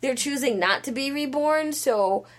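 A woman's voice: high-pitched, unhurried. A woman chatting casually and rambling a plot summary, full of fillers. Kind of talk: casual chat.

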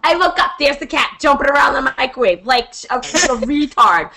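A woman's voice: high-pitched, moderate pace, heavy background noise. A woman telling a story to friends in a casual, profane way, acting out what others said. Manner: profane, animated, acts out quotes in shifting voices. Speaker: podcast co-host.

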